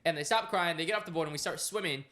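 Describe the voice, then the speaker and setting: High-voiced young man telling a story. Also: very fast. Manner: animated, laughing storyteller. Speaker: podcast co-host. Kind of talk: casual storytelling.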